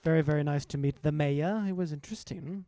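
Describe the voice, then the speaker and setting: A man's voice: on the high side, brisk, mellow, no room sound. A man hosting an open mic, upbeat, hyping the crowd and introducing the poets. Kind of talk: emcee introductions.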